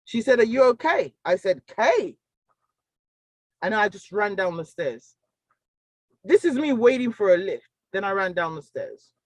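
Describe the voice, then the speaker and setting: A woman's voice: mid-range voice, unhurried, long pauses, no room sound, poor audio. Woman telling her own story to a crowd, acts out all the voices, dry close sound. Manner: animated storytelling, acting out dialogue. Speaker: speaker sharing a personal story. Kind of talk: personal testimony talk.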